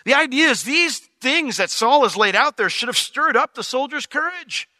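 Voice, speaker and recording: A male pastor preaching an expository sermon in a lively, conversational way, explaining word meanings and acting out the biblical characters in casual modern speech. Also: extremely high pitch, moderate pace, dry recording.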